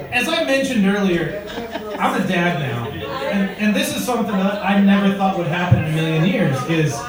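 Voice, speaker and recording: A male stand-up comedian telling crude stories conversationally and working the crowd from a comedy club stage. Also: high-pitched. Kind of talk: stand-up set. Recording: echoey club from far off, crowd.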